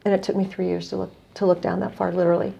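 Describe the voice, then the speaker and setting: Speaking rapid-fire with a flat delivery, this middle-aged American non-profit executive director is a guest who earnestly recounts a story in conversation, quoting people as she goes. Her low voice is gravelly with a breathy edge, and the sound is lo-fi.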